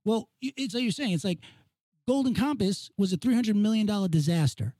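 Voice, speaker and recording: A man's voice: high voice, animated, brisk, warm tone, no echo. A man co-hosting a casual chat, talking emphatically and repeating himself as he builds his point. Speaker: podcast co-host.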